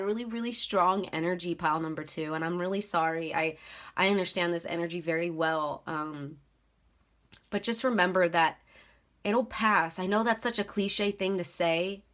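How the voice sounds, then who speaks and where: A woman's voice: on the low side, a bit bright. A young woman giving a casual, emotional tarot reading to camera, chatty and giggly, with many fillers. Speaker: tarot reader.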